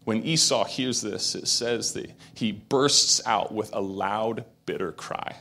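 A man's voice: on the low side, slow, creaky, bright, forceful tone. A man preaching a sermon, retelling a story with acted quotes and building to emphatic peaks. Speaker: pastor.

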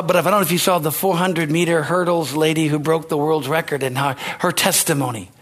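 Husky, high-voiced preaching man. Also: a bit bright. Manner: rousing, call-and-response preaching. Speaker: pastor. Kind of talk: sermon.

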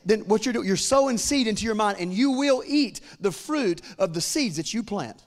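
A man in his forties preaching a sermon as pastor, joking with the congregation and building to loud, fervent declarations. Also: sits high, lively intonation, normal speed, hardly any pauses. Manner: humorous asides to the congregation.

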